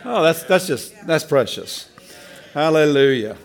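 A man's voice: fairly high pitch, normal speed. A man speaking casually in a church talk, chuckling and reflective.

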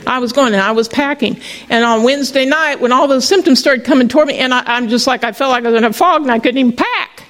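A middle-aged woman pastor preaches a sermon as conversational storytelling, often restarting her sentences. Her voice sits high and she talks fast with few pauses, on a rough recording.

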